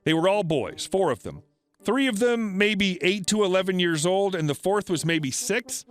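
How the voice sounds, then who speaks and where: A man reading online stories aloud as a scripted narration in a steady storytelling manner. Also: high voice, moderate pace. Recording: faint background music.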